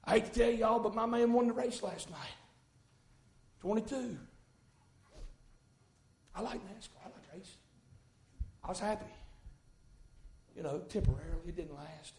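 Male pastor, very high voice, folksy sermon with fervent peaks, echoey sanctuary. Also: normal speed, long pauses, slight background noise. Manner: folksy, rising to fervent shouts. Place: church sanctuary. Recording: echoey church room.

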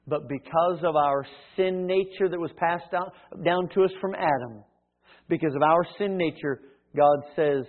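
Male preacher, sermon, high voice, loud-to-hushed swings, acts out dialogue, tinny phone-like audio. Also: normal speed.

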